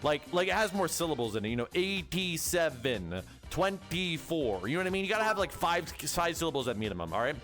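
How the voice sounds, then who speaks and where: A man's voice: fairly high pitch, big pitch swings, very fast, few pauses, a bit bright, faint music behind. A young man streaming as a VTuber, chatting and joking with his chat in a rambling way. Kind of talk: casual livestream chat.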